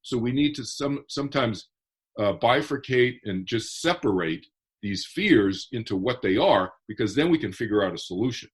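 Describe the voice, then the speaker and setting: A man's voice: mid-range voice, lively intonation, normal speed, husky. A man who is a guest author on a podcast, explaining his ideas earnestly and step by step. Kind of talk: podcast interview.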